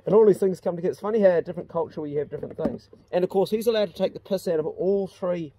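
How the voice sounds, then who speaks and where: A man's voice: high voice, very fast, warm tone, slight background noise. A middle-aged man with a New Zealand accent, hosting a cheeky, casual chat and swearing freely. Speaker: host.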